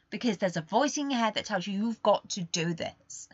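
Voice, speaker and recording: A young woman hosting a podcast, talking candidly in a rambling, confessional way that swings between quiet and emphatic. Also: mid-range voice, animated, brisk, few pauses, no echo, muffled recording. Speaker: podcast host. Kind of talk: casual confessional monologue.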